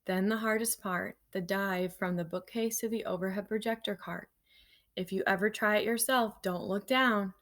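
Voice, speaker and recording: A woman reads a children's chapter book aloud to her class with a gravelly, creaky edge to her voice. Her delivery is lively and animated, and she slips into casual asides to her students between passages. Her pitch sits in the ordinary middle range for a woman. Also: normal speed. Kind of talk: reading a children's novel aloud.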